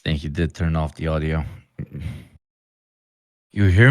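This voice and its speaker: A man guesting on a livestream, crude and joking, swearing heavily and breaking into loud excited bursts. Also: rumbling low, measured pace, no room sound. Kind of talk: casual livestream banter.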